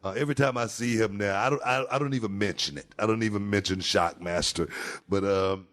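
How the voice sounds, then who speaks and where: A man's voice: lowish voice, a little fast, fairly bright tone. A man appearing as a podcast guest, reminiscing with laughter and frequent stops and restarts. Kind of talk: casual interview chat.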